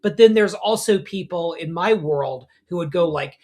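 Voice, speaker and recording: A middle-aged man, a rabbi co-hosting a podcast, telling stories in an animated, casual way with lots of fillers and asides. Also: fairly high pitch, normal speed, hardly any pauses. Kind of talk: casual conversation.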